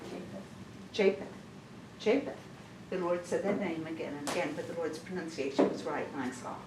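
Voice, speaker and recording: A woman's voice: sits low, quick pace. A woman giving a casual testimony at a church women's session, chatty and full of restarts. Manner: chatty, stumbling restarts, laughs often. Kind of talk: informal testimony talk. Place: church hall. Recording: echoey room, mic far off, noisy.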